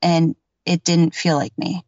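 A woman's voice: lowish voice, flat delivery, a little slow, darkish tone, no echo. A woman telling a personal story as a podcast guest, rambling and emphatic, with lots of filler words and casual swearing. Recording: dull, dry lo-fi recording.

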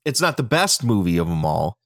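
A man's voice: fairly low pitch, very animated, a little fast, dry recording, studio quality. A man co-hosting a podcast, chatting casually and enthusiastically about a movie, swearing and laughing often. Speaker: podcast co-host. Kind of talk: casual film review chat.

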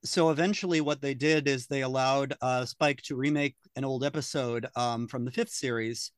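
A man's voice: mid-range voice, steady tone, moderate pace, clean tone, dry recording, clean studio sound. A man in casual podcast chat, explaining background details with occasional fillers.

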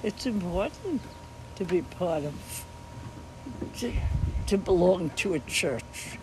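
A woman's voice: fairly low pitch, expressive, takes it slowly, background noise. A woman in her nineties with a New York accent, a guest on a podcast, chatting in a teasing way. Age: 90s. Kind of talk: casual chat.

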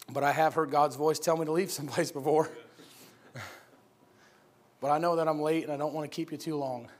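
A man preaching in a church, telling his personal story in an animated, laughing storytelling manner. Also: fairly high pitch. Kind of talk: sermon testimony.

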